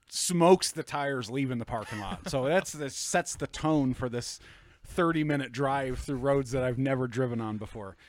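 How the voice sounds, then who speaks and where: A man guest on a podcast telling stories casually, swearing often and acting out quoted lines loudly. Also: medium pitch. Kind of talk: casual storytelling.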